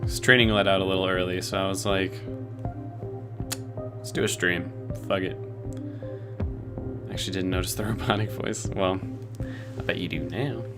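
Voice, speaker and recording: Over music, this streamer talks with a low, fairly even voice at a brisk clip with few pauses. He's at home reading chat and chatting laid-back with viewers, cursing now and then, all through a robotic voice filter.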